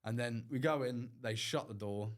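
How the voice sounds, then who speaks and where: A young man co-hosting a podcast, relaxed and casual, often chiming in with short agreements. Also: mid-range voice, moderate pace. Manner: laid-back, frequent agreeing fillers. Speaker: podcast co-host. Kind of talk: casual chat.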